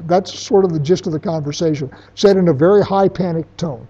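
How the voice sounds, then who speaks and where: A man's voice: on the high side, fairly quick, few pauses, dark tone. A man teaching a Bible lesson, who reads verses aloud and then explains them in casual everyday words. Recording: dull lo-fi recording.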